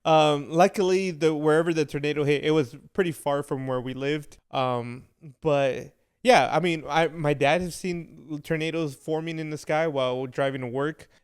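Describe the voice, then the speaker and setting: A man co-hosting a podcast, telling a story in casual chat with animated, laughing delivery. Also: a little high, normal speed, few pauses, smooth. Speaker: podcast co-host.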